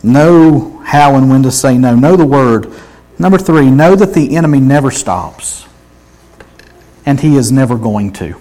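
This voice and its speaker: A man preaching a sermon, emphatic, swinging between loud exclamations and hushed intensity. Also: medium pitch, expressive, measured pace, low-quality recording.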